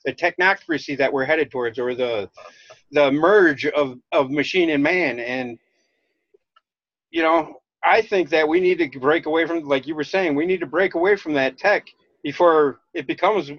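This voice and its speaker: A man from Minnesota with a Minnesota accent, rambling in casual chat as a podcast host, halting and restarting often. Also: on the high side, a bit bright, no room sound. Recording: dull lo-fi dry sound.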